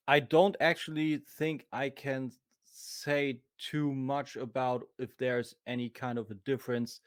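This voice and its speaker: A man with a German accent, a podcast guest talking in a halting, casual way with many restarts. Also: medium pitch, no echo, studio quality. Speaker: podcast guest, convention vendor. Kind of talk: casual chat.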